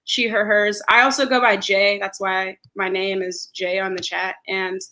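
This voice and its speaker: A woman in her twenties chatting on a podcast with a bright, forceful tone. She talks emphatically and throws in wry asides. Her pitch sits in a middle range. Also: little pitch movement, normal speed. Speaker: guest. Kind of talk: casual podcast chat.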